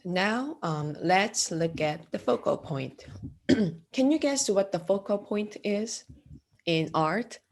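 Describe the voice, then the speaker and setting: A woman lecturing as an art teacher in a classroom, slow and hesitant, with frequent fillers and throat clearing. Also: medium pitch, expressive.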